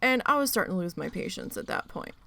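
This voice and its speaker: A woman's voice: on the low side, very animated, fast, creaky, bright, forceful tone. A woman streamer telling a family story in casual chat, swearing freely and acting out quoted voices. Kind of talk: casual storytelling while gaming.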